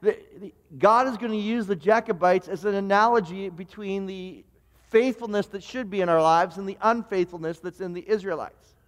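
A middle-aged man preaching in a fairly high voice. He talks casually to the congregation, repeating and restarting words as he goes. His voice rings with the long reverb of a large hall. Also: normal speed. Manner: stammering restarts, conversational preaching. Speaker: pastor. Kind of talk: sermon.

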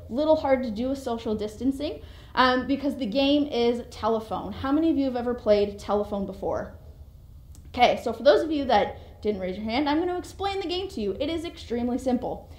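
Young female preacher, conversational and animated, slightly high voice, reverberant room. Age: young adult. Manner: chatty, conversational, animated asides. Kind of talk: sermon. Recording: echoey room.

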